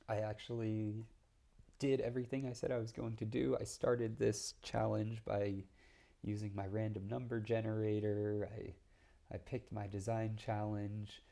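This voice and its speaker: A man's voice: fairly low pitch, flat delivery, unhurried, creaky, warm tone. A young man talking casually to the camera, chatty and full of ums and restarts. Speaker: vlogger doing a design challenge.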